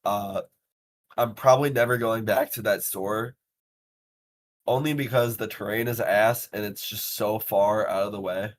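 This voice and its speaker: A young man with a lowish voice tells tournament and bus stories in a loose, animated podcast chat, swearing freely and filling gaps with "like" and "uh". A faint rumble sits under the recording. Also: a little slow. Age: young adult. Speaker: podcast host. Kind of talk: casual podcast storytelling.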